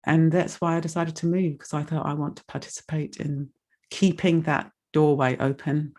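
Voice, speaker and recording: A woman's voice: deep voice, flat delivery, moderate pace, a little mellow. A woman giving a heartfelt, rambling donation appeal in an online meditation session, emotional and close to tears. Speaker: speaker making a donation appeal.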